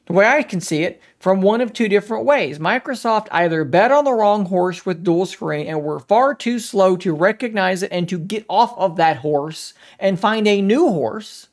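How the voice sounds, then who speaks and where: A man hosting a tech channel, giving his opinion in a conversational way and talking straight to his viewers. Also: high-pitched. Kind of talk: casual opinion vlog.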